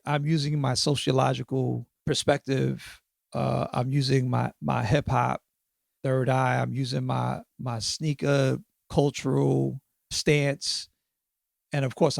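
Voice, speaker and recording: A man's voice: mid-range voice, vocal fry, dry recording, clean studio sound. A man in his fifties, a podcast guest and author, talking through his experiences in a reflective way, often checking in with "right?" and "you know". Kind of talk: casual interview conversation.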